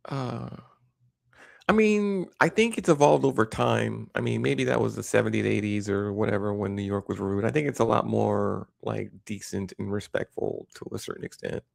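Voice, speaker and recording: A man's voice: lowish voice, moderate pace, creaky, a little mellow, no room sound, clean studio sound. A man hosting a livestream, rambling in casual chat with lots of fillers and restarts. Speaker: livestream host.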